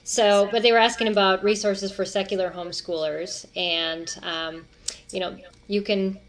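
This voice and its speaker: A woman's voice: medium pitch, steady tone, moderate pace. A woman hosting a live-streamed interview, encouraging her guest with short affirmations and introducing resources to her viewers. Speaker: interview host.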